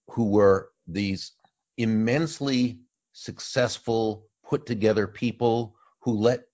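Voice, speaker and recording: A man's voice: deep voice, no room sound, dull audio. A man answering interview questions at length, telling stories in a thoughtful way with frequent restarts. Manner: thoughtful, speaks in long pauses and restarts. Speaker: interview guest, author and speaker. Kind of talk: storytelling conversational answers.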